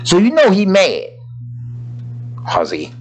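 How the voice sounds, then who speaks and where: A man's voice: high voice, takes it slowly, rough recording. A man preaching a sermon in an informal, conversational way, talking straight to the congregation and acting out quotes. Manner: lively preaching with loose asides and acted-out quotes; colloquial, talks to the congregation directly.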